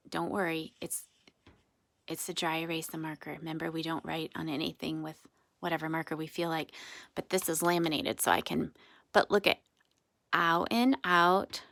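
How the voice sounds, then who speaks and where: A woman teaching a phonics lesson to young children, slow and sing-song, drawing out each word to encourage them. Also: sits low, fairly even intonation, a bit bright. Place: classroom or home with whiteboard.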